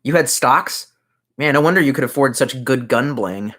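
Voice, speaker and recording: A man's voice: medium pitch, normal speed, a bit bright. A man streaming from his messy room at home, chatting casually as he reads out viewer comments, rambling and swearing and muttering asides. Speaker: livestreamer reading chat comments. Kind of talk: casual livestream chat.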